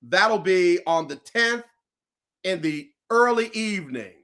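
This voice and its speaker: Male host, bright higher voice, playful teasing banter. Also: lively intonation, takes it slowly. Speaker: show host. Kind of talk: casual sports chat.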